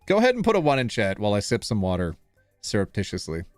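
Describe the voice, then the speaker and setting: A man's voice: lowish voice, huge pitch swings, fast, no room sound, soft background music. A man in his thirties hosting a live stream, playful and self-deprecating, fumbling over names and joking with chat. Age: 30s.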